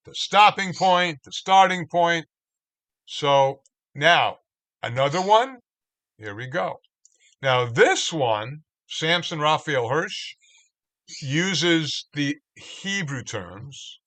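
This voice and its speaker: A man, a cantorial spiritual leader, teaching a Torah study online in a slow, reflective way, restarting words as he reads out translations. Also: fairly high pitch, sing-song, sharp tone.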